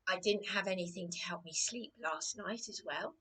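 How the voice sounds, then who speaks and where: A woman from England rambling aggrievedly in a personal vlog, repeating herself with many restarts, her voice a little hoarse. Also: lowish voice, normal speed, a bit bright. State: voice a bit hoarse. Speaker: vlogger.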